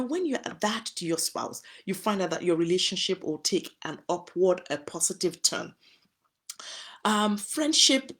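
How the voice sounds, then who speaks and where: A woman from Nigeria giving earnest, advising talk on friendship in marriage, using homely examples. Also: lowish voice. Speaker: host. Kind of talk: relationship talk to listeners.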